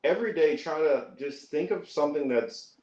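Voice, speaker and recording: A man's voice: fairly high pitch, expressive, normal speed, a little mellow. A man talking as a podcast guest in casual chat, hesitant and earnest. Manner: hesitant, many fillers and restarts, earnest. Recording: echoey, dull lo-fi audio.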